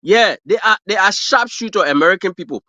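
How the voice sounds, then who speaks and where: A man's voice: high-pitched, expressive, fairly quick, bright, forceful tone, dry recording. A man from Africa with an African accent, a guest chatting casually on a livestream, rambling with lots of fillers and restarts. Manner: rambling, full of fillers and restarts, laughs at his own stories. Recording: dull lo-fi, dry stream audio.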